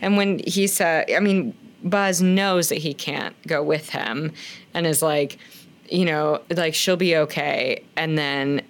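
A woman's voice: low-pitched, steady tone, slow. Gushing, swearing young woman. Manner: gushing, swears often, emotional. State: tearful. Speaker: podcast co-host. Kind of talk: casual chat recapping a film.

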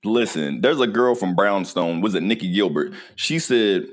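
Young man, podcast host, lowish voice, joking, animated, casual interview chat. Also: normal speed. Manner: animated, joking, swings up high when excited.

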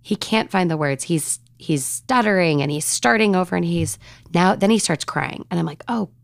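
A woman hosting a podcast, telling a personal story in an animated, chatty way. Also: lowish voice, moderate pace, creaky, no echo, clean studio sound. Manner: animated, chatty, acts out conversations. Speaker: podcast host.

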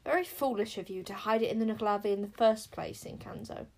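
A woman's voice: mid-range voice, fast, vocal fry. Snappish witch queen, scolding and haughty, voiced by a woman storyteller. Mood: irritable scolding. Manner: sharp and scolding.

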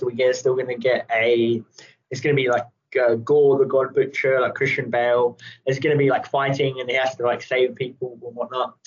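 A man's voice: mid-range voice, highs cut off. A man chatting casually as a podcast co-host, rambling with many fillers, laughing often and swearing freely. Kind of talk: casual chat.

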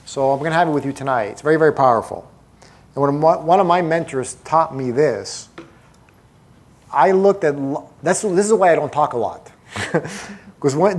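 An energetic man giving a seminar talk, pushing his points hard and drawing the audience in with questions. His voice sits somewhat higher than most men's. He speaks with emphatic, lively stress. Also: slightly rough. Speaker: motivational speaker.

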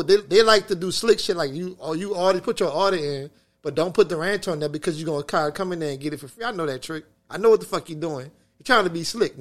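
A man's voice: fairly high pitch, fairly bright tone. A young adult man co-hosting a podcast in casual chat, profane and emphatic. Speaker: podcast co-host.

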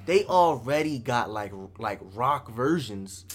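Young guy on a podcast, pitch bouncing all over, joking and slangy. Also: unhurried. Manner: animated, slangy, laughing. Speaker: podcast co-host. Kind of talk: casual chat.

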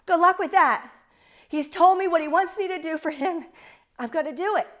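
A woman's voice: very high-pitched, normal speed, fairly bright tone. A woman in her forties telling a personal testimony to an audience in an earnest, fervent storytelling manner. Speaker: speaker sharing a testimony.

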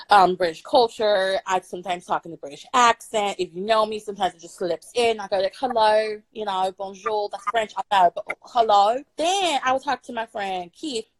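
A young woman from Florida telling a true story on a live stream, loud, bubbly and playful, swearing freely. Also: medium pitch, dry recording, low-quality recording. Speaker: guest storyteller.

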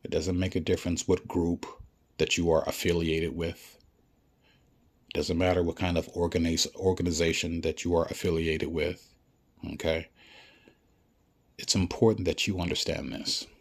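A man's voice: low voice, level tone, normal speed, pauses often, slightly rough. A man giving a blunt, profane ranting monologue, lecturing the listener and repeating himself for emphasis. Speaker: vlogger.

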